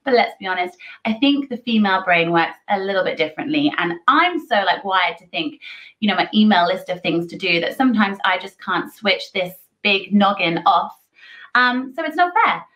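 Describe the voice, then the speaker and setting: Woman in a clip giving frank relationship advice, chatty, mid-pitched. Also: expressive, normal speed, fairly bright tone. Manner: chatty, candid, confiding. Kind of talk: casual advice talk.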